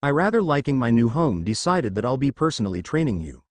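A man's voice: mid-range voice, very animated, fast, no echo. A man voicing an offhand, all-powerful young male ninja in a story reading. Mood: cocky.

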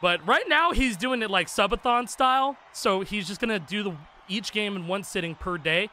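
A man's voice: high voice, animated, moderate pace, slight background noise. A man streaming a rhythm game, chatting casually with viewers in a rambling, profane way full of fillers. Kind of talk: casual live-stream chat. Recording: game music playing loudly behind.

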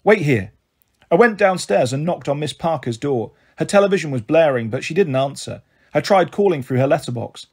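Husky-voiced man reading a story. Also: on the high side, fairly quick. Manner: steady first-person narration. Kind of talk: reading a children's novel aloud.

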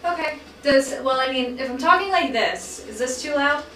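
A woman's voice: high-pitched, expressive, normal speed, pushed and bright, echoey room, far from the mic, faint music behind. A woman co-hosting a show, chatting casually and clowning around while the mic gets checked. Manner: playful, sings and clowns around. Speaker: podcast co-host. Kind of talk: casual chat before going live.

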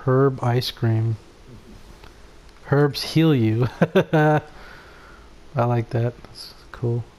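A man giving excitable, laugh-filled let's play commentary, swearing freely as he reacts to the game. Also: mid-range voice, drawn-out words, long pauses. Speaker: gaming commentator.

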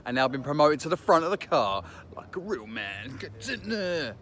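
A man's voice: on the high side, very animated, moderate pace, heavy background noise. Joking man vlogging outdoors. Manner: joking, laughing at his own lines. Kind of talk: casual vlog chat. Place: outdoors at a park and in a car.

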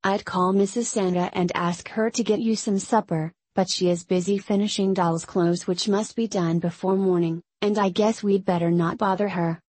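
Jolly old Santa Claus, hearty, kindly, storybook voice, as a woman reads him, husky, dry. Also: medium pitch, fairly even intonation, normal speed, few pauses, darkish tone, dry recording, lightly acted. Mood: kindly, hurried. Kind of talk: storybook read-aloud.

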